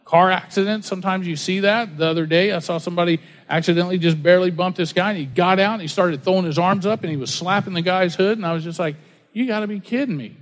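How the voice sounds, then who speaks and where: A man's voice: high-pitched, fairly even intonation, quick pace, few pauses. A man preaching a sermon, conversational and full of rhetorical questions and everyday stories. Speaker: pastor. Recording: long hall reverb.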